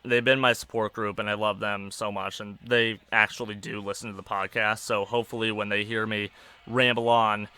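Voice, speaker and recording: A young man hosting a podcast, rambling casually in a monotone with many fillers while sounding stressed. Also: fairly low pitch, normal speed, smooth. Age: young adult. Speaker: podcast host. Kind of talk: casual personal rambling over a wrestling match.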